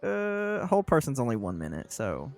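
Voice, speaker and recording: A man's voice: medium pitch, huge pitch swings, moderate pace, creaky. Laughing, exasperated male player. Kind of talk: casual tabletop play.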